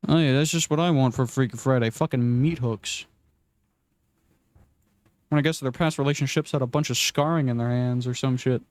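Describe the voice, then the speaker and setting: A man's voice: medium pitch, steady tone, fast talker, few pauses, darkish tone, no room sound. A young man casually rambling and swearing while playing a game, self-deprecating and often restarting his sentences. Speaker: gaming vlogger.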